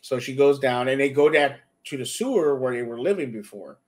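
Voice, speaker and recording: Man, show host, casual recap, acts out quotes, middle pitch. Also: animated, brisk. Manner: retells scenes animatedly, acting out quotes. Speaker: podcast host. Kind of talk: casual show review chat.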